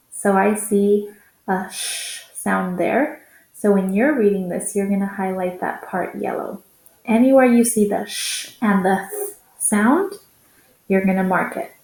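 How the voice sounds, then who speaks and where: A woman's voice: medium pitch, creaky, darkish tone, reverberant, low-quality recording. A woman teacher recording a reading lesson for young children, patiently sounding out words.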